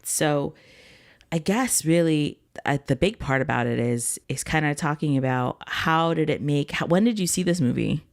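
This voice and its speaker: A co-host with a gravelly, creaky voice at a middle pitch, in casual podcast chat. The voice asks questions and gently teases the other host. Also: normal speed.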